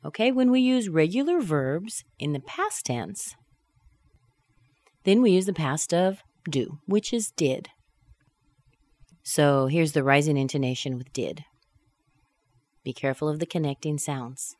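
Low, lively woman, a pronunciation teacher with a deliberate slow drill. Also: no echo. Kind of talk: English pronunciation lesson.

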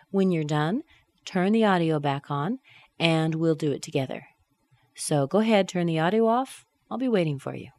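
A woman teaching a pronunciation lesson, reading model sentences slowly with exaggerated intonation. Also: fairly low pitch, darkish tone, no room sound. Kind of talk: recorded lesson.

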